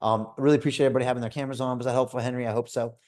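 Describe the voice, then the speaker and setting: A man in his fifties hosts a live video call. He pitches hard and persuasively, with an energetic, storytelling manner. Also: very fast. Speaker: host.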